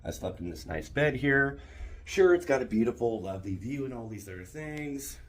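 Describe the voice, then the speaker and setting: Man, vlog rant, husky, lively swooping pitch, indignant storytelling, hotel room, phone camera. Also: normal speed. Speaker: vlogger.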